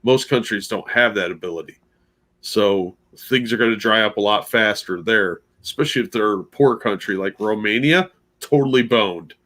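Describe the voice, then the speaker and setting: A man with a fairly low voice chats on a livestream as a co-host. He sounds laid-back and joking, easy in his delivery as he trades remarks with the others. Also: normal speed, fairly bright tone. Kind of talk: casual chat.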